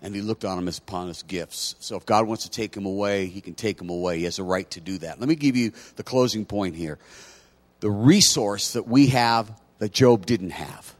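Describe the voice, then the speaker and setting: A man preaching a sermon, telling a personal story in a conversational way and building to loud, emphatic preaching. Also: lowish voice, normal speed. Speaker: pastor.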